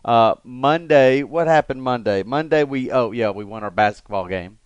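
A man hosting a podcast in casual, rambling chat with the odd laugh. His voice is smooth and clear at a middle pitch. The sound is dry and close, recorded in a studio. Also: expressive, moderate pace, no room sound, highs cut off. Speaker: podcast host. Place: radio studio.

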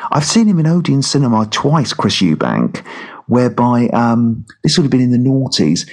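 A man's voice: medium pitch, very animated, normal speed, a little mellow. A man co-hosting a comedy podcast, rambling through a film review with many ums and restarts. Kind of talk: casual comedy chat.

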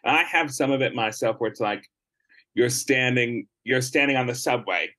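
A man with a mid-pitched voice, talking things through as a podcast co-host. He builds his points with everyday examples in an easy, conversational way. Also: normal speed, sharp tone, dry recording. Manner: thoughtful, explains with examples. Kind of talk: casual conversation.

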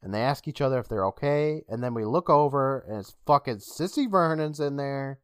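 A man's voice: mid-range voice, a little fast, clear, resonant tone, no echo, studio quality. A man co-hosting a podcast, recapping a TV episode in casual chat and acting out the characters' lines. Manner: animated, acts out quotes with laughs. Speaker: podcast co-host.

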